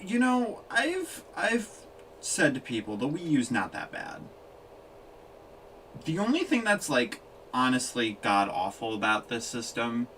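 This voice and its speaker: Man, live reaction streamer, lively swooping voice, slow delivery, faint hiss, mic set back. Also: medium pitch. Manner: excitable, ranting and exasperated. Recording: distant mic with faint background noise.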